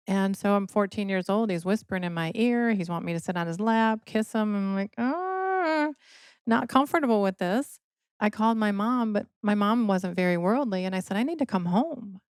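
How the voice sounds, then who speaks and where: A woman's voice: mid-range voice, fairly quick, a little mellow, smooth, no echo, clean studio sound. A middle-aged woman from Michigan, a podcast guest telling her personal story in an earnest, emotional way. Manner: earnest, emotional, quotes others in dialogue.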